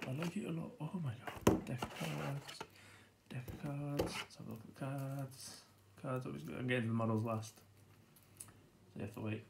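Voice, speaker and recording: A British man hosting a board game unboxing, chatting casually and getting easily excited, laughing to himself. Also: mid-range voice, creaky, background noise.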